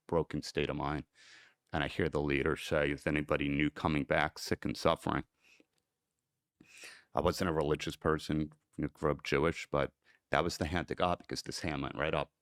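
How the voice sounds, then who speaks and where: A man's voice: a bass voice, gravelly, no echo, studio quality. A middle-aged American man, a podcast guest, telling a personal story in an earnest, emotional way. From United States.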